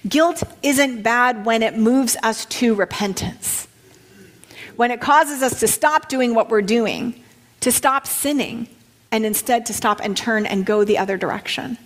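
A woman co-hosting a podcast, explaining scripture in an earnest, conversational way and slowing down to stress key points. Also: a little high. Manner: earnest, explanatory, slows for emphasis. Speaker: podcast co-host discussing scripture. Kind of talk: conversational Bible teaching.

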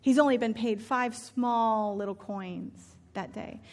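A woman telling a story aloud in a lively, expressive way. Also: on the high side, takes it slowly. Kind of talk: spoken storytelling.

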